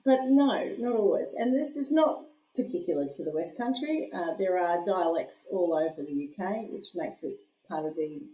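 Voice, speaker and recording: A woman hosting a casual podcast from home, chatty and quick to laugh at herself. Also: lowish voice, expressive, dark tone, a little hiss or hum. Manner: chatty, laughs often, self-deprecating. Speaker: podcast host. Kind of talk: casual chat. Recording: echoey room.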